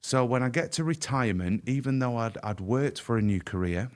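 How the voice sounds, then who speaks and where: A man's voice: mid-range voice, expressive. A middle-aged man, a podcast guest, telling his own story candidly with frequent restarts. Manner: frank, halting with restarts, vivid first-person telling. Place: podcast interview.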